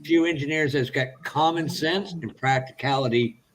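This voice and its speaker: A man's voice: fairly high pitch, normal speed, background noise. A man in casual chat, encouraging a younger hobbyist with practical advice in a mentoring way. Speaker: hobby stream participant giving advice.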